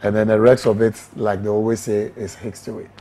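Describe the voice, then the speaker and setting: A man's voice: on the low side, little pitch movement, fairly quick, warm tone. A middle-aged man with a Ghanaian accent giving an emotional testimony in an interview, mixing English and Twi as he tells his story. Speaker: interview guest, evangelist.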